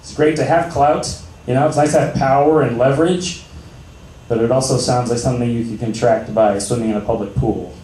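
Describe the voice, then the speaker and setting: A young man doing a stand-up comedy set in a small cafe, with a deadpan, dry delivery broken by sudden loud outbursts. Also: medium pitch, fairly quick, slight background noise. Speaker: stand-up comic. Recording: roomy, distant amateur recording.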